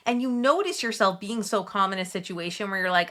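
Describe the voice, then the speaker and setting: Bright-voiced chatty mom giving advice. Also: female voice, mid-range voice, fairly quick, hardly any pauses. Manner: warm, chatty, gently soothing self-talk asides. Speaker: Catholic mom coach. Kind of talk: direct-to-camera advice talk.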